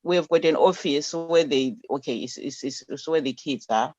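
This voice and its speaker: A woman founder being interviewed remotely, talking haltingly and repeating words as she searches for them. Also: low voice, a little mellow, dry recording. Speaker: charity founder, interview guest. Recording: dull, dry remote line.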